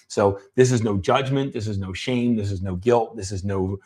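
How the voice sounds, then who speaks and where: A middle-aged man co-hosting a talk, telling his childhood story in a halting way with many restarts, at times emotional. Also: on the low side, a little mellow, husky. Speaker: podcast co-host. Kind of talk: personal storytelling conversation.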